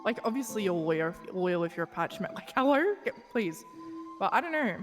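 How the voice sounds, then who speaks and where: A woman in character during a roleplay game, telling a rambling story full of "like" and quick laughs. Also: medium pitch, sing-song, music in the background. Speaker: roleplay player.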